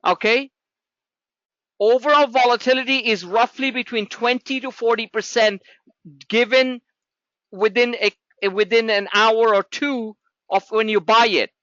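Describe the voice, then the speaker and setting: A man's voice: extremely high pitch, fairly even intonation, a little slow, fairly bright tone, dry recording, dull audio. Blunt, sarcastic man teaching trading. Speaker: trading educator. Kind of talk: live trading class talk.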